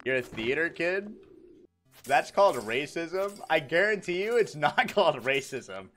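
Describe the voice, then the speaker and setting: A young male streamer talking over his game, joking with chat and laughing a lot. His voice sits a little high and swings widely in pitch as he riffs, with faint music playing underneath. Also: measured pace. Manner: joking and animated, laughs often. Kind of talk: casual livestream chat, reacting to chat.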